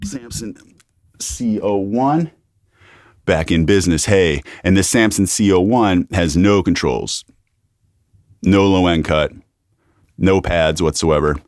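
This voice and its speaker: Slow and a little mellow, this low-voiced YouTuber pauses at length while repeating test phrases into a studio condenser microphone, checking levels in a casual home-studio review. The recording is dry.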